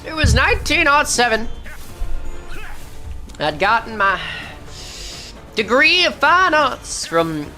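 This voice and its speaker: A woman's voice: fairly high pitch, big pitch swings, slow, long pauses, sharp tone, faint music behind, heavily acted. A woman putting on the voice of a rambling, folksy old grandfather, telling a tall tale in a drawling old-timer manner.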